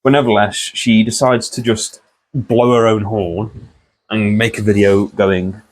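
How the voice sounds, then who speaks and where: A man's voice: on the low side, fairly even intonation, a little slow. A young man rambling casually through a profane commentary vlog, often laughing at the story.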